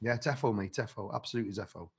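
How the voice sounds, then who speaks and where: A man's voice: lowish voice, racing, gravelly, darkish tone, slightly rough, highs cut off. A man who referees football, chatting on a podcast in a rambling, blunt and matey way with many restarts. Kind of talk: casual podcast chat.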